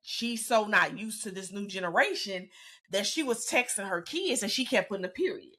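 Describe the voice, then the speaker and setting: A woman co-hosting a podcast with a mid-range voice, talking in an easy, conversational way. She circles back to repeat her points and uses relaxed everyday slang. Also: medium pitch, moderate pace, slightly rough. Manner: conversational, repeats phrases, speaks in relaxed vernacular. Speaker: podcast co-host. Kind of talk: casual chat.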